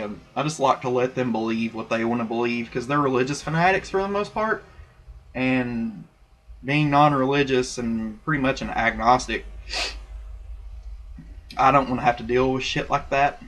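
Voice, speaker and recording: A man's voice: medium pitch, a bit bright. A young man recording himself on a laptop webcam, telling a personal story in a rambling, candid way full of fillers and restarts. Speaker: vlogger. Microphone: laptop webcam mic.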